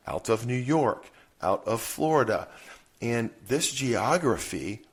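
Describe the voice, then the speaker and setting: Slow, earnest male podcast host. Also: fairly low pitch. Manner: earnest, conversational, lists things at length. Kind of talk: casual solo podcast monologue.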